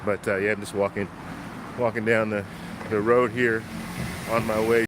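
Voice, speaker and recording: A man's voice: on the low side, flat delivery, moderate pace, pauses often, background noise. A man hosting a walking live stream, chatting and greeting viewers by name, a little out of breath. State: slightly out of breath. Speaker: travel vlogger. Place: outdoors on city streets.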